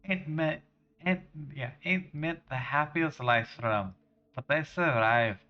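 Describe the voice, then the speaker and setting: A man voicing a tough male fist-fighting trainer in a put-on Scottish accent, with rough, clipped dialect. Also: a little high, slow, highs cut off. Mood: gruff.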